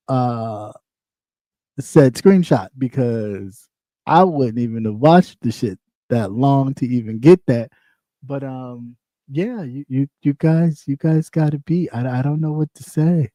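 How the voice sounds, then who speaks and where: Profane, laughing livestream host. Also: male voice, medium pitch, slow pace, dry recording. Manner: loose, profane and animated, with frequent laughs and repeats. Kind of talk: casual commentary livestream.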